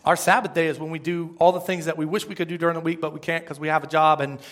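A man's voice: on the high side, steady tone, racing, a bit bright. Man preaching a conversational sermon. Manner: conversational, asks the congregation questions. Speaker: pastor.

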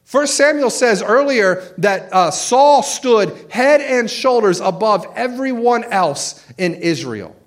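A man's voice: sits high, animated, takes it slowly, hardly any pauses. A man preaching through a scripture passage, reading verses aloud and then retelling them in casual, everyday words, often repeating a word as he restarts. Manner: reads scripture then paraphrases it in casual slang. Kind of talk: expository sermon.

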